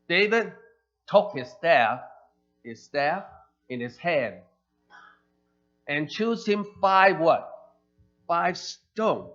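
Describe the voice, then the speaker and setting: Animated preacher man in a church. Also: a little high. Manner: animated, acts out quoted characters. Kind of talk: sermon storytelling. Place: church sanctuary. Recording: dull lo-fi church recording with faint music.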